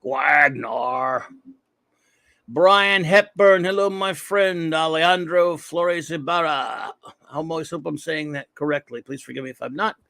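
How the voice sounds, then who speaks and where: A man hosting a casual livestream, loudly shouting out viewers and upcoming shows. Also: fairly high pitch, moderate pace, creaky, no room sound. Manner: energetic, loud shout-outs to viewers. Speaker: livestream host.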